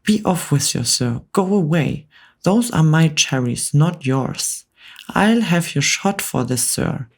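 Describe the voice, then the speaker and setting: A woman's voice: low voice, lively intonation, slow, gravelly, full character voice. Brief: hot-tempered old aristocrat, storybook whispered role-play, indignant bluster, put on by a woman. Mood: furious. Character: pompous older male duke, hot-tempered.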